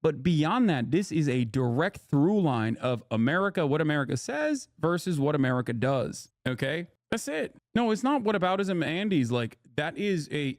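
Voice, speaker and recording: A man's voice: on the high side, no room sound, studio quality. A man streaming live, giving blunt, sarcastic political commentary with casual swearing and frequent replies to his chat.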